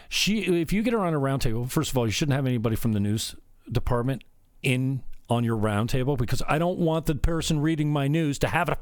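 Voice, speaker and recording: A male host ranting off the cuff, with profanity and a rambling flow. His pitch rises and falls widely, from low mutters to sudden higher bursts. The sound is close and dry. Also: dry recording. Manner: profane, rambling, swings between muttering and loud outbursts. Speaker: show host. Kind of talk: unscripted ranting monologue.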